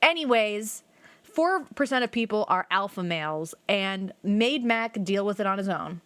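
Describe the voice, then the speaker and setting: Her medium-pitched voice is smooth and a little slow, with no room sound. She's a young woman chatting casually while streaming a game, telling rambling, animated stories packed with "like" and an occasional curse word.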